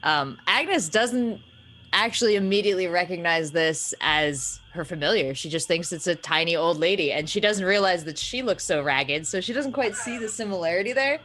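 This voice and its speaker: A woman's voice: lowish voice, animated, normal speed, a bit bright. A woman playing a tabletop game, narrating her character's actions in a chatty way, often laughing. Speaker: player.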